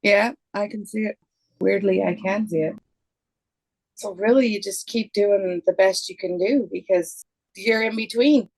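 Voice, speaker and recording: A woman's voice: medium pitch, unhurried, darkish tone, no room sound, rough recording. A woman, the guest client, joining a spiritual conversation over a video call with short affirming replies. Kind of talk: casual chat.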